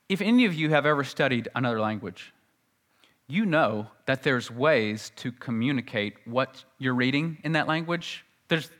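A man preaching a sermon as pastor, teaching earnestly and slowing down to recite scripture. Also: medium pitch, a bit bright.

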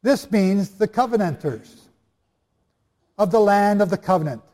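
A man's voice: high voice, lively intonation, unhurried, dark tone. A man preaching and teaching the Bible to a live audience, chatty and jokey, often quizzing the listeners. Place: hall before a live audience. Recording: long reverb of a large hall.

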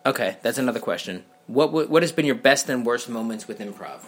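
A man's voice: mid-range voice, expressive, brisk. A man hosting a casual podcast, reading listener questions loosely with plenty of fillers and hesitations.

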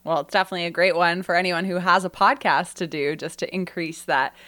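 Female podcast host, lowish pitch, dry close sound, upbeat and affirming. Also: fairly even intonation, fast talker, pushed and bright, dry recording. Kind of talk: podcast interview.

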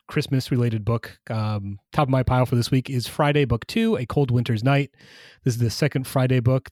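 A male podcast co-host who talks at length in a relaxed, enthusiastic way, with a few ums along the way. His pitch is mid-range, and the sound is dry and close to the mic. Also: no echo. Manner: enthusiastic, steady explainer with fillers. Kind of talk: casual chat, reviewing comics.

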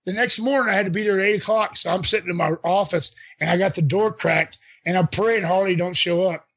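An older man, a former wrestler, telling animated stories in a casual chat, quoting people and laughing as he goes. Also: high voice, brisk. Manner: animated anecdotes with laughs and voiced quotes. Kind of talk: casual storytelling.

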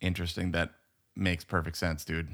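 A laid-back man co-hosting a podcast and telling a family story in relaxed chat. His voice sits fairly low, and he laughs easily along the way. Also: normal speed. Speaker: podcast co-host. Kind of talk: casual chat.

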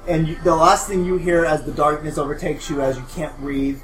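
Man with a slightly high voice narrating a tabletop game. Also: flat delivery, a little fast, fairly bright tone, echoey room, faint music behind, low-quality recording. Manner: loose, chatty storytelling with many fillers. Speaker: game master.

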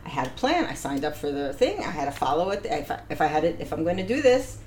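Woman guest, relaxed storyteller, lower voice, animated and laughing. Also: fast talker, a crowd in the background. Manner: animated, laughs often, acts out quoted voices. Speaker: interview guest. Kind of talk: casual storytelling.

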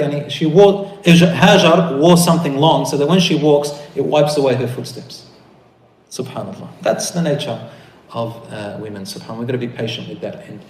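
A man preaching a sermon to brothers and sisters, telling a story with animated, rising emphasis. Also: on the high side. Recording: echoey room.

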